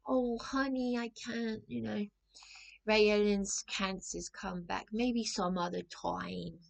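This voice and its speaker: A woman imitating a blunt older American woman with a husky voice and a Brooklyn accent. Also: mid-range voice, fairly even intonation, slow. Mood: brusque. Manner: blunt, offhand.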